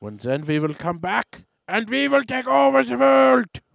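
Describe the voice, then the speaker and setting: Guy doing a silly fake german scientist voice, way higher and draggy slow, bragging big. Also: big pitch swings, gravelly, fairly bright tone, no echo, studio quality, heavily acted. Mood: grandiose. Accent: mock German. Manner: hammy, grandiose. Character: boastful German-accented male space scientist. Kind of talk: comic impression in podcast chat.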